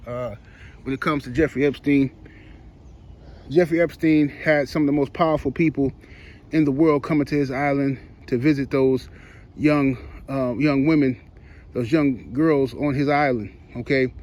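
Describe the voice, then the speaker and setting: A man's voice: fairly high pitch, a little mellow. A man giving heated, rambling opinion commentary for his online channel, in slangy speech with frequent restarts. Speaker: YouTube commentator.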